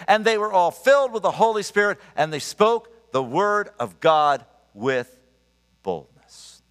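A man in his sixties preaching a sermon, emphatic and animated, telling personal stories. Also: high-pitched, unhurried. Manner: animated, emphatic, storytelling with laughs. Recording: long reverb of a large hall.

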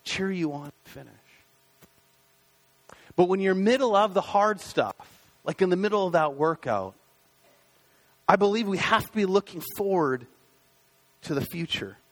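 A man's voice: high-pitched, expressive, normal speed, pauses often. A man in his thirties preaching a casual, conversational sermon as a pastor, full of fillers and acted-out inner thoughts. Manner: conversational, many fillers and restarts, acts out inner voices.

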